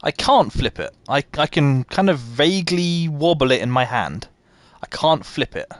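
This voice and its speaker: Recorded with no room sound, this British man's voice is on the high side and expressive. He's a gaming streamer doing relaxed live commentary for his chat, self-deprecating, full of quick asides and frequent laughter.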